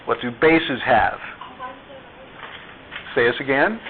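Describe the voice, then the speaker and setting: The chemistry lecturer has a mid-range voice with lively intonation, and a little hiss or hum runs under the audio. He quizzes his students slowly and deliberately, captured on a tinny, phone-like recording.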